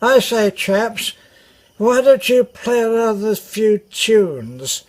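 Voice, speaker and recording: A man's voice: high voice, very animated, slow pace, voice pushed up, heavily acted. A man imitating a drunk, posh upper-class male army officer with a plummy, exaggerated drawl. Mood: jovial.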